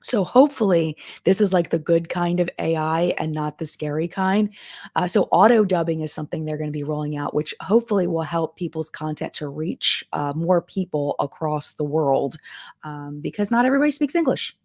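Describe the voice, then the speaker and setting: A woman's voice: low-pitched, normal speed, a little mellow, dry recording, studio quality. A woman, chatting casually on a live stream from her basement and reading viewer comments aloud. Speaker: YouTuber hosting a live chat. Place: home basement.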